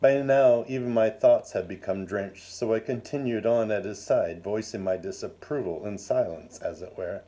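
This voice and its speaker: A man reading his own first-person story aloud in a measured, wry and formal manner. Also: fairly low pitch, mellow.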